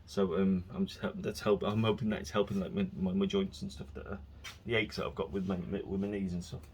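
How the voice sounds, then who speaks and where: A man with a lowish voice rambles through a casual solo monologue. He tells stories in a chatty way, often restarting his sentences. A faint hiss sits under the recording. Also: flat delivery, a little fast, darkish tone. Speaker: vlogger.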